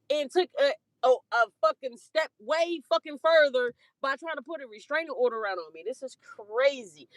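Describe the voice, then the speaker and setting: A woman's voice: high voice, moderate pace, hardly any pauses, bright, forceful tone, no echo. A woman telling a story in a casual, profane rant, swearing heavily and laughing between heated lines.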